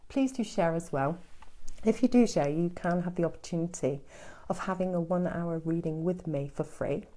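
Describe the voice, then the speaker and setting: Soothing low-voiced woman medium. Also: normal speed, mellow. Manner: soothing, calls listeners sweetheart and darling. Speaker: psychic medium. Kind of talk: casual live-stream readings.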